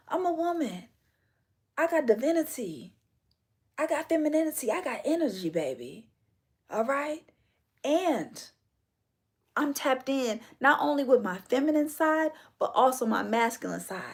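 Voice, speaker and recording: A woman's voice: on the high side, expressive, unhurried, long pauses. A woman hosting a livestream, delivering an emphatic, preachy, confrontational monologue. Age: adult. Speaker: livestream host.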